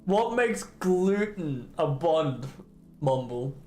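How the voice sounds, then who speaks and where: Giggly woman streamer, slow delivery, very expressive pitch. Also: soft background music. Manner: giggly, storytelling. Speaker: livestreamer. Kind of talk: casual stream chat.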